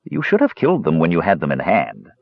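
A man's voice: deep voice, wildly swooping pitch, fast talker, vocal fry, no echo, pitched below the performer's own voice, full character voice. A man voicing a tired, practical male hobgoblin aide who grumbles, in a dull lo-fi recording. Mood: grumbling.

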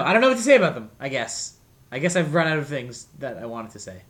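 A man's voice: medium pitch, very animated, fast talker, a bit bright. A man co-hosting a music podcast, talking in a rambling, self-deprecating way with lots of fillers. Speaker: podcast co-host. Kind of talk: casual chat.

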